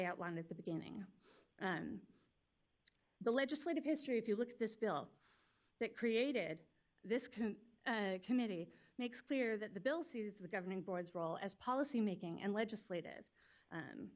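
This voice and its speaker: A woman attorney speaking for a school district, giving a formal legal argument at a public hearing in a quick, pointed, argumentative way. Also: mid-range voice. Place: public meeting hearing room.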